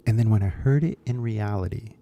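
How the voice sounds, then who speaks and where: A man's voice: on the low side, a little fast, warm tone, lo-fi sound, a little hiss or hum. A man with a Californian accent, talking bluntly and rambling to viewers of his English-teaching channel, mixing in some Japanese. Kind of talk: casual talk to viewers.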